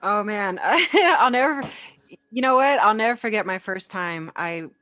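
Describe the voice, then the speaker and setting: A woman guest on a podcast interview, telling stories in a relaxed, conversational way and laughing easily. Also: mid-range voice, unhurried, no room sound. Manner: warm storytelling, laughs easily. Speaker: podcast guest, entrepreneur and speaker.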